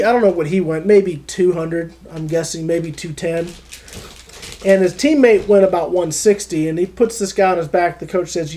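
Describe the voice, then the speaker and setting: A man pastor with a high but soft, dark-toned voice leads an informal sermon in a small home fellowship. He talks conversationally and retells a story, now and then calling a listener by name. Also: rough recording. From South Carolina.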